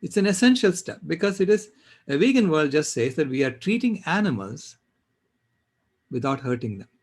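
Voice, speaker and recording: An older man speaking on a panel, telling a personal story in an earnest, halting way with fillers. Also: on the high side, big pitch swings. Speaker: panel speaker, systems engineer.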